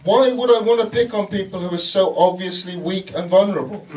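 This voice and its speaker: A man doing a stand-up comedy set on a club stage, telling a story with sarcastic asides and shouted punchlines. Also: sits high, a little fast. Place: comedy club stage before a laughing audience. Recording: distant live club recording, noisy.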